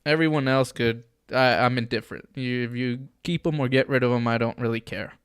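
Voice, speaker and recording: A man's voice: mid-range voice, steady tone, fairly quick, clear, resonant tone, dry recording, clean studio sound. A man hosting a casual podcast panel, steering the talk with questions to the others.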